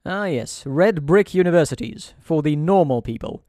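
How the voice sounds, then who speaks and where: A man's voice: fairly high pitch, animated, normal speed, warm tone, dry recording. A man giving dry, sarcastic gameplay commentary as host of a let's play.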